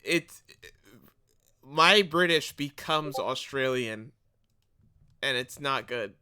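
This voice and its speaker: A man's voice: mid-range voice, bright, forceful tone, smooth. A man from the United States chatting casually on a stream, playful and goofy. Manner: playful, goofy, quick to laugh. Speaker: stream co-host. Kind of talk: casual chat.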